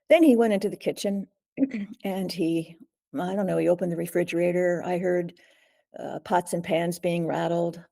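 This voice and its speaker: An older woman, an interview guest, recounting a personal ordeal in an earnest, halting way, often clearing her throat and pausing. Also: on the low side, fairly even intonation, dark tone. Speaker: guest, survivor and author.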